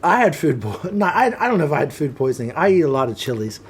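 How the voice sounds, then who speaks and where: A man guesting on an interview, telling stories and giving advice in a relaxed, candid way, now and then swearing. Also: on the high side, fast talker, slight background noise. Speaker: interview guest, film production head. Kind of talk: casual interview chat.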